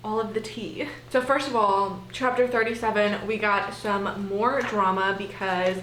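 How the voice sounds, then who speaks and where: A woman's voice: mid-range voice, steady tone, measured pace, fairly bright tone. Young woman rambling about her book, chatty n swears a lot, echoey room, bit of background hum. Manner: chatty, gushing, swears freely. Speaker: book vlogger. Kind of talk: casual reading vlog chat. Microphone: camera mic, no external microphone.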